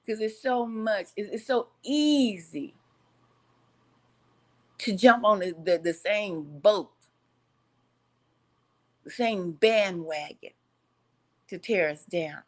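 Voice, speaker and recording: Lively woman vlogging with preacher cadence. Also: medium pitch, slow pace, pauses often. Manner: animated, laughs often, preacher-like cadence. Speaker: channel host. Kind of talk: casual vlog talk to viewers.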